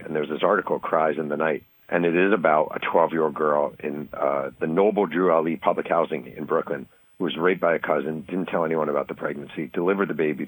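A man from New York, an author talking as a guest in an interview, telling a story quickly and acting out the voices of the people in it. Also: rumbling low, low-quality recording. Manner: fast, animated storytelling, acting out quoted voices.

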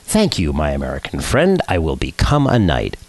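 A man's voice: extremely low pitch, huge pitch swings, moderate pace, no echo, pitched below the performer's own voice, full character voice. A man telling a joke voices a wealthy, modest Jewish friend from London, answering in a plain, matter-of-fact way. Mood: earnest.

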